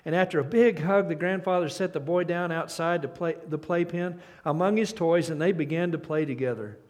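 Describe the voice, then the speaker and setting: Older man, pastor, sermon, fairly high voice, earnest, restarts often, soft hushed emphasis. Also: brisk. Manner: earnest, with frequent restarts and repeated words; reads a story aloud and drops to a soft, hushed tone at key points.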